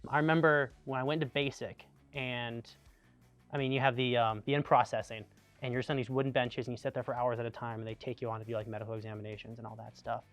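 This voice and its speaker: A fast-talking young man from Tucson, Arizona, an army veteran with a medium-pitched voice, chats casually through his anecdotes as faint music plays. He's animated, saying "like" a lot and frequently restarting.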